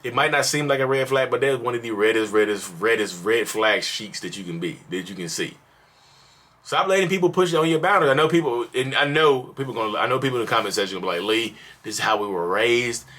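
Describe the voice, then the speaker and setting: On a mental health vlog, a man with a medium-pitched voice talks quickly and straight to camera, handing out casual, preachy advice. He keeps repeating himself for emphasis and stays animated, slipping into acted voices now and then.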